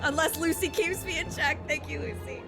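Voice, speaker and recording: A woman's voice: high voice, fairly even intonation, normal speed, vocal fry. A young woman streaming a video game live, talking emotionally to her viewers, exclaiming and laughing often. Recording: game music playing behind.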